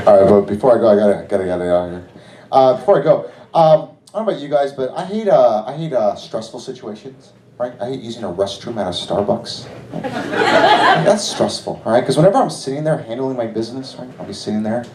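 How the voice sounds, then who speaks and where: A man performing a stand-up comedy set on a theater stage, rambling and animated, checking in with "right?" as he goes. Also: medium pitch, fairly quick. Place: theater stage with live audience. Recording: echoey theater with crowd laughter.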